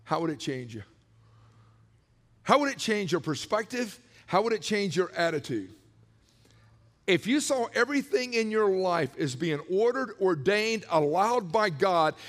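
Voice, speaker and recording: A man preaching a sermon as pastor, animated, acting out prayers and quotes in other voices. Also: sits high, a little slow, in a large hall.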